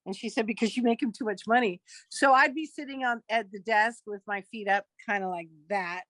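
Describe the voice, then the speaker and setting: A woman's voice: mid-range voice, fairly quick, no echo. A woman in her fifties, a guest actress, telling stories in a casual interview and acting out the dialogue as she goes. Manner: lively storyteller who acts out quoted dialogue.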